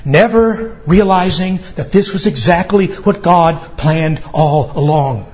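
A man preaching a sermon with a slightly raised pitch, taking his time over every phrase. He swings from hushed, weighty lines to soaring, emphatic proclamations. The recording sounds a little dull and lo-fi. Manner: dramatic preaching with rising exclamations and slow emphatic pauses. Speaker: pastor.

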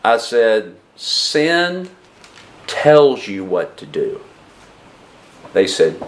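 A man's voice: mid-range voice, very animated, extremely slow, pauses often. A man preaching a sermon who keeps asking the congregation questions.

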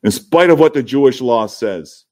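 A man's voice: mid-range voice, lively intonation, normal speed, darkish tone. A man preaching an expository sermon to his congregation, building to emphatic peaks. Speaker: pastor.

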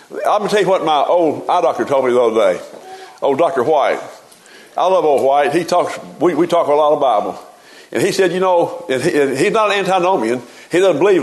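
A man's voice: on the high side, low-quality recording. A man preaching a sermon in a folksy, emphatic way, often repeating words as he gets going.

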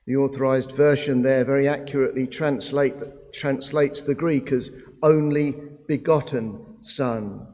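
A man preaching a sermon in a slow, deliberate way, pausing often with "uh" between phrases. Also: mid-range voice, fairly even intonation, darkish tone, big-room sound. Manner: slow, deliberate delivery with frequent "uh" pauses.

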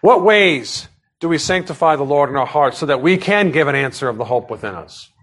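A man as pastor, preaching a sermon with prayers and a scripture reading in a measured way. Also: on the high side, lively intonation, fairly bright tone.

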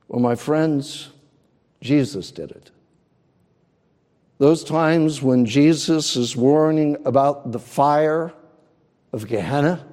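A man preaching a sermon, earnest and emphatic, with deliberate pauses. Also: fairly high pitch, dark tone, long reverb tail. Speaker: pastor.

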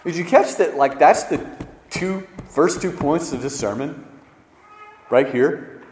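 A man preaching a sermon as pastor, swinging between loud emphasis and hushed, low stresses. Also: slow, slight background noise. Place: church sanctuary. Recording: echoey church hall.

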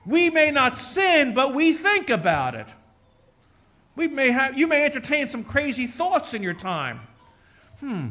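A man's voice: very high voice, very animated, moderate pace, pushed and bright. A middle-aged man preaching a sermon with folksy humor and joking asides, building to fervent preaching. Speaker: pastor.

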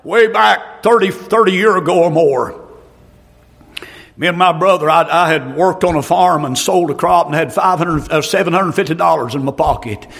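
A middle-aged man preaching a fiery revival sermon, breaking into shouted outbursts between folksy stories. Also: on the high side, moderate pace, vocal fry.

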